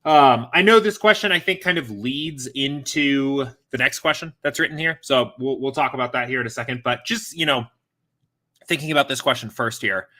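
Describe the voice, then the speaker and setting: A man hosts a casual live-stream Q&A from home, his voice bright and mid-pitched. He sounds slightly out of breath and rambles, filling pauses with "uh" and "um" and correcting himself as he goes. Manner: rambling, filler-heavy, self-correcting. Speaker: host of a fantasy sports Q&A stream.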